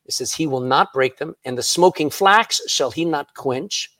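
A man's voice: a little high, normal speed, fairly bright tone, no room sound. A man preaching a sermon in church, reading scripture aloud and laughing at his own jokes. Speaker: pastor.

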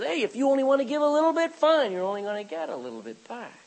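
Husky preacher man, voice swings up and down a lot, keeps asking the church for amens. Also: high-pitched, fast, low-quality recording. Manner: animated preaching, reading scripture aloud, calling for amens. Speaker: pastor. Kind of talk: sermon.

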